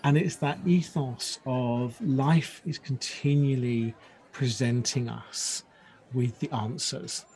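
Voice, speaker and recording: A man hosting a podcast, telling stories in a relaxed, wry way. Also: mid-range voice, slow. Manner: relaxed and wry, laughs at his own jokes. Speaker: podcast host. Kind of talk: conversational podcast storytelling.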